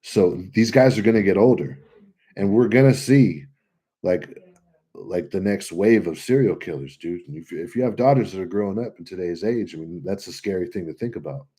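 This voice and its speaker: A young California trucker vlogger talks at a normal speed in a low-pitched, slightly rough voice. Replying to comments on a casual livestream, he tells stories with blunt, animated energy and lots of profanity.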